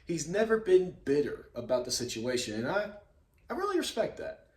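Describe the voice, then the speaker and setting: A man hosting his own video channel, telling stories in a relaxed, rambling way with lots of fillers and chuckles. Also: on the high side, moderate pace, slight background noise. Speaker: YouTube host. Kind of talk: casual vlog storytelling. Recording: echoey room.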